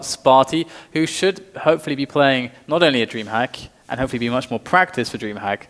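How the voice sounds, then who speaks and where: A man casting a live online game match, play-by-play, getting excited at big plays. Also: medium pitch. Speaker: esports caster. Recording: long reverb and steady noise.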